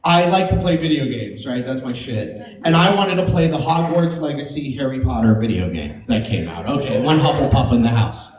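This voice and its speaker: A woman's voice: a bass voice, lively intonation, normal speed, a little mellow, reverberant. A woman performing a stand-up comedy set on a comedy club stage, brash and profane, laughing through her own punchlines.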